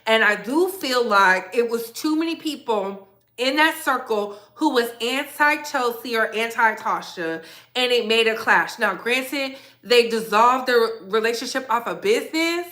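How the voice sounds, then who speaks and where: A woman's voice: a little high, lively intonation, unhurried, pushed and bright. A woman hosting a gossip commentary vlog, blunt, emphatic and sassy in her opinions.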